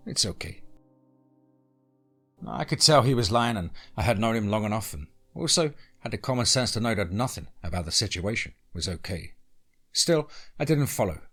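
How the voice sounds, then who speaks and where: A man narrating a scripted horror story in a measured, tense storytelling manner. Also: lowish voice, animated, fairly bright tone, faint music behind.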